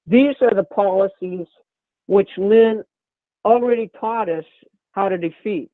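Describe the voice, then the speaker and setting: A woman with a cold and a creaky, hoarse voice, giving an emphatic, rallying prepared speech on a conference call. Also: on the low side, dry recording. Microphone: telephone. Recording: narrow phone line.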